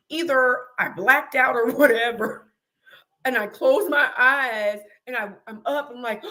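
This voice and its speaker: A middle-aged woman hosting a chat tells her stories with big energy. She laughs through them and acts out her own cries. Her voice sits a little high. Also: takes it slowly. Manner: lively storyteller, laughs often, acts out her own screams. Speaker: host. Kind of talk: casual interview chat, animated storytelling.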